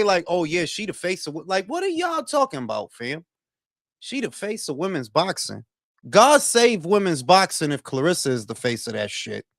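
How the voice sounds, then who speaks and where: In a dry, studio-quality recording, a Detroit-accented boxing talk show host from Detroit speaks in a high, slightly bright voice. His casual livestream commentary turns into a heated, blunt rant full of profanity.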